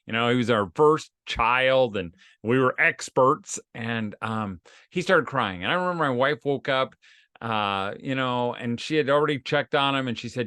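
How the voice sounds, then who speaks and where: A man's voice: mid-range voice, normal speed, pushed and bright, clear, resonant tone, no room sound. A middle-aged man hosting a short advice series for fathers, telling folksy, self-deprecating stories from his own family life. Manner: folksy and self-deprecating, acts out quoted voices. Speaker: host of a homeschooling tips series for dads. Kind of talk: casual advice talk with personal stories.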